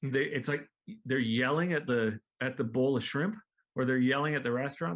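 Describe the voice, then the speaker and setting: A man talking as a guest in a casual interview, laid-back and profane, acting out other people's lines in a high voice and laughing often. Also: moderate pace. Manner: animated storyteller, acts out quotes in high voices. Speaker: guest musician.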